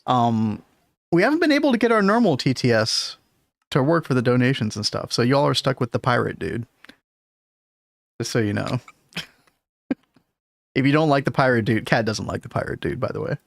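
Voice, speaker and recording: A man's voice: medium pitch, big pitch swings, normal speed, gravelly, long pauses, no room sound, clean studio sound. A man hosting a casual game stream, thinking aloud and chuckling often.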